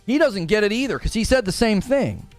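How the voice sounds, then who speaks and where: A man's voice: high-pitched, sing-song, a little fast, faint music behind. A man ranting sarcastically in a video commentary about a game, exasperated and mocking. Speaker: gaming commentator.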